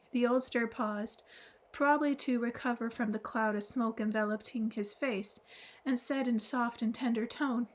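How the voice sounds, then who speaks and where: A woman narrating an audiobook at a steady pace, stumbling and restarting now and then. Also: a little high, moderate pace. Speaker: audiobook reader.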